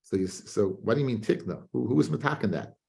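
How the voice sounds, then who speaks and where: Creaky-voiced rabbi teaching Talmud. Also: male voice, fairly low pitch, quick pace. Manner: animated, chanting study singsong with frequent restarts. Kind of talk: Talmud class.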